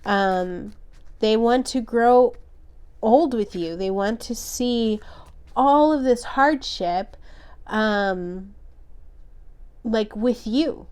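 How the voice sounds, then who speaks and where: A woman doing a tarot reading for her viewers, talking at an unhurried, drawn-out pace. She is gentle and emotional, wanders through her thoughts with plenty of fillers, and sounds a little worn, as if she is losing her voice. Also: a little high, smooth. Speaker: tarot reader. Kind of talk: pick-a-card tarot reading.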